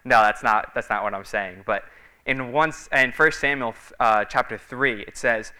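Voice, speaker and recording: Bright, clear-voiced man preaching. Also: medium pitch, animated, measured pace. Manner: conversational storytelling, many fillers. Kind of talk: sermon.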